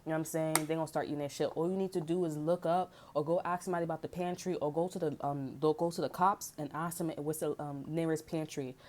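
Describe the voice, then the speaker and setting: A woman's voice: low-pitched, steady tone, fast, few pauses, a little mellow. Blunt, profane woman talking street slang. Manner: frequent throat clearing. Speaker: tarot reader. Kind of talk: casual unscripted tarot reading monologue.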